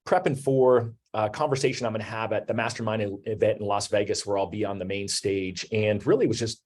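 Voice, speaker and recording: A man's voice: fairly low pitch, steady tone, brisk, darkish tone, slight background noise. A man in his forties hosting an online business talk, speaking conversationally with many "you know"s and "um"s. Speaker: host. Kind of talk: webinar talk.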